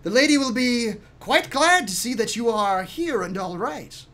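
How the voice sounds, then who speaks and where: A man playing a formal manservant, courteous, composed, raised pitch. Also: lively intonation, measured pace, bright, forceful tone, exaggerated voice. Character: polite male servant, formal and composed.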